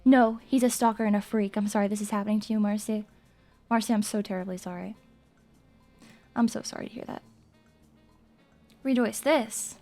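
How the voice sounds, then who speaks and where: A woman's voice: medium pitch, steady tone, moderate pace, pauses often, dark tone, soft background music. A young woman streaming live, chatting in a hyper, rambling and crude way with her viewers. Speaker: VTuber streamer. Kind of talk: casual live-stream chat.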